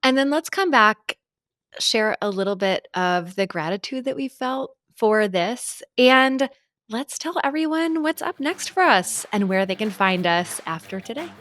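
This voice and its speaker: A woman's voice: fairly high pitch, expressive, unhurried, dry recording. Reflective woman podcast co-host, dry mic. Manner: warm, reflective, affirming. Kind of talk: casual chat.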